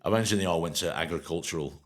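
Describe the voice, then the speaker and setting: A man's voice: low-pitched, racing, a bit bright. A man from the North West of England co-hosting a casual pub-style podcast, chatty, laughing easily and restarting his sentences. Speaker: podcast co-host.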